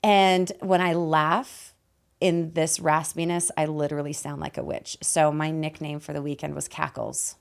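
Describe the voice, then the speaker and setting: Raspy canadian lady hosting her podcast in the studio, lots of laughs, kinda low voice. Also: little pitch movement, moderate pace. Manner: bubbly, laughs often, emphatic. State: hoarse, raspy from lost voice. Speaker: podcast host and life guide. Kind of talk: casual podcast chat.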